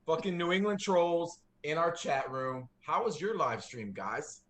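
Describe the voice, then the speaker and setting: A man co-hosting a sports podcast, playful and loud. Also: on the high side, lively intonation, measured pace. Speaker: podcast co-host. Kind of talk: casual chat.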